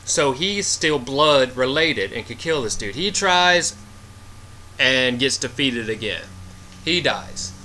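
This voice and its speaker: A man's voice: mid-range voice, animated, takes it slowly, pushed and bright, slight background noise. A man giving a casual, rambling movie review, exasperated and full of filler words.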